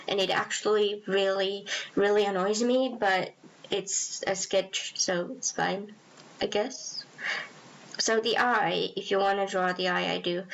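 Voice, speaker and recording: A woman talking through a drawing tutorial in a casual, rambling, self-deprecating way. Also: medium pitch. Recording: slightly dull lo-fi recording.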